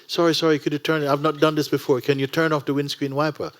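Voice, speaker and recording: A man's voice: extremely low pitch, sing-song, normal speed, husky, heavily acted. A man voicing a flustered male learner driver who stammers and pleads in a frantic rush. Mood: panicked.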